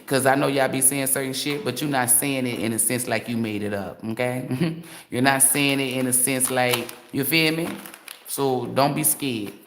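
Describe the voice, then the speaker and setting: A woman's voice: a bass voice, a little hiss or hum. Blunt, profane woman tarot reader ranting. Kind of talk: livestream rant.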